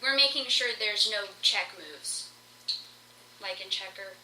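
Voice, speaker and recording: A woman's voice: medium pitch, animated, a little slow. A woman playing a tabletop game, chatting casually and reacting playfully. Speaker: player. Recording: echoey room, faint noise.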